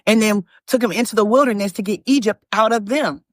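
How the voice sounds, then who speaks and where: A woman hosting her own channel, giving an animated, preachy motivational talk to viewers that she calls y'all, with frequent restarts. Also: mid-range voice, fairly quick, no room sound, clean studio sound. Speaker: manifestation coach and channel host.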